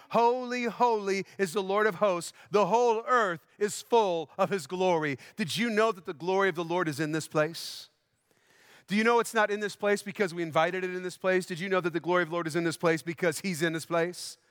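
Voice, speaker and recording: A man's voice: high-pitched, a bit bright, no echo, clean studio sound. A male pastor preaching an emphatic sermon, repeating phrases and asking the congregation questions. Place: church sanctuary.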